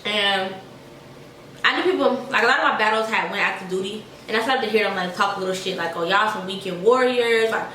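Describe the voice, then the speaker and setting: A woman's voice: medium pitch, quick pace, far from the mic. Chatty woman in an echoey room. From Georgia, USA. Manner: chatty, animated, addresses viewers as y'all. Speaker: army soldier. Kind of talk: casual storytime vlog. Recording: echoey room, voice a bit off-mic, faint noise.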